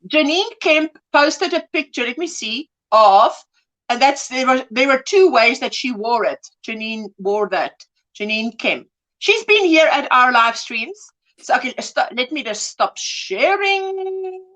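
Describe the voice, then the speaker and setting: A woman's voice: high-pitched, sing-song, measured pace, sharp tone, rough recording. A woman co-hosting a casual crochet livestream, reading out viewer comments fondly and laughing often. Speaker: livestream co-host.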